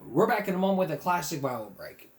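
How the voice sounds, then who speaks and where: A man's voice: fairly high pitch, sing-song, fast. A man hosting a casual comic vlog, rambling crudely and laughing at his own jokes. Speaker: vlog host. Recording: echoey room.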